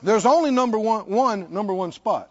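Male pastor, middle-aged, emphatic sermon delivery, lively pitch, slightly dull recording. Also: moderate pace. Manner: emphatic, calls out to the congregation.

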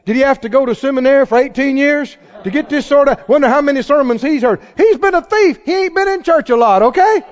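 A man preaching a sermon who swings between quiet asides and shouted exclamations, asking the congregation question after question. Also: very high-pitched, expressive, fast, hardly any pauses. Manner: fires rhetorical questions at the congregation. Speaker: pastor. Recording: dull lo-fi recording.

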